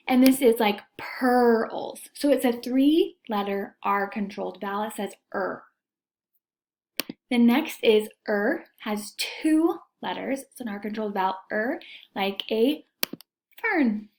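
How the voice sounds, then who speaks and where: A woman teacher giving a recorded reading lesson to young students, sounding out letters and vowel sounds with slow, careful diction. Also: fairly high pitch, darkish tone.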